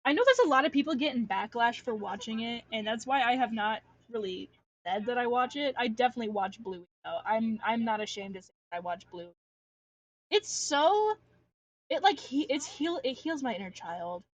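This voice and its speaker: Rambling young woman streamer, fairly high voice. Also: normal speed, lo-fi sound. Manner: rambling and animated, full of filler "like"s and restarts, ranting. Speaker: artist streamer. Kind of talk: casual rambling livestream chat while drawing.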